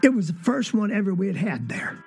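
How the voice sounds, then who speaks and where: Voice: mid-range voice, sing-song, a little fast, gravelly, over music. An actor performing a rural Southern child recalling a Christmas memory, in a Southern accent with folksy dialect and drawling asides. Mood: earnest, wondering. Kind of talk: dramatic monologue.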